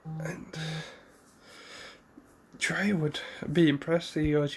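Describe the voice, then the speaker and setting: A man's voice: on the high side, fairly even intonation, a little slow. A man casually retelling a fan-made story, rambling with restarts and asides.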